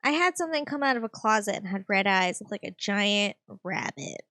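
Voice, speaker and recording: A woman's voice: mid-range voice, expressive, fairly quick, sharp tone, dry recording. A woman, a podcast co-host, chatting playfully and laughing easily. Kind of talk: casual chat.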